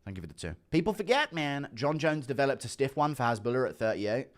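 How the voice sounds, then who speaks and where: A man's voice: medium pitch, lively intonation, fast talker. A man streaming live, chatting casually and laughing often as he reads out his chat on a streaming mic. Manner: laid-back, chuckling, reads chat aloud.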